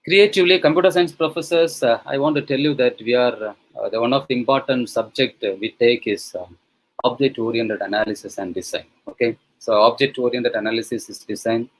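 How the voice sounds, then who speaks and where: A man's voice: mid-range voice, brisk, rough recording. A male professor from India giving an online lecture to teachers, talking conversationally with many fillers and frequent "okay?" checks.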